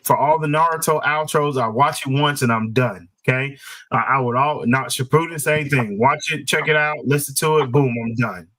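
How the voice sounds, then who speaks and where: A man's voice: medium pitch, moderate pace, a bit bright, poor audio. A man hosting a casual chat show, emphatic and opinionated, repeating his points for stress. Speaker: show host.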